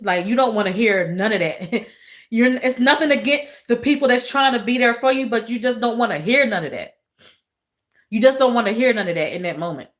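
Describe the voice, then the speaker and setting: A woman hosting a casual livestream, talking with viewers in an emotional, soft way, repeating phrases and calling them y'all. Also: fairly high pitch. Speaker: livestream host.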